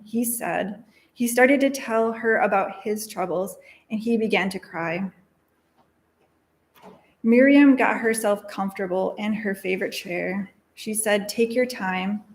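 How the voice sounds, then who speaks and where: A woman telling a story for all ages during a worship service, slow and gentle with repeated refrains. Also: a little high.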